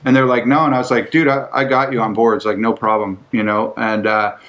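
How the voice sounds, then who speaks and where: A man's voice: mid-range voice, steady tone, fairly quick, fairly bright tone. A man casually telling stories in a loose, rambling way, swearing often and filling his speech with "like" and "you know.". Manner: loose, profane, rambling with many fillers. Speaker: storyteller recounting skate trips. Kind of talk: casual storytelling.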